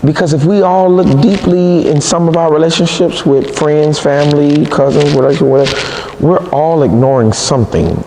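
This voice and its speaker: A man evangelist preaching a sermon in a church, in an animated, humorous, conversational way, recorded in an echoey church hall. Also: fairly high pitch, moderate pace, slight background noise.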